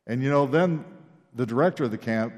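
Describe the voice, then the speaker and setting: In a large church sanctuary with long reverb, a pastor speaks briskly in a mid-range voice. His sermon recounts stories from his past, and he animatedly performs the voices of the people he quotes.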